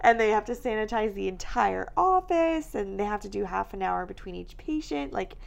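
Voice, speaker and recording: Tired young woman rambling on a podcast, like like like, a bit of vocal fry. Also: mid-range voice, moderate pace. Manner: chatty, lots of "like" fillers, animated quoting. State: tired, yawning. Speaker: podcast co-host. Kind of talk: casual chat.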